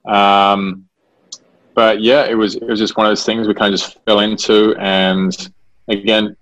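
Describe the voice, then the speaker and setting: A man with a lowish voice talks through a casual interview, halting often, repeating words and filling pauses. The recording sounds muffled and lo-fi, with the top end rolled off. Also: little pitch movement, a bit bright. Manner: hesitant, many restarts and fillers. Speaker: actor being interviewed. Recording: dull lo-fi recording.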